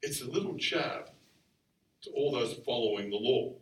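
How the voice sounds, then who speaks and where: A man preaching a sermon in a conversational, animated way, acting out the quotes he tells. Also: medium pitch, moderate pace. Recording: roomy sound from far off the mic.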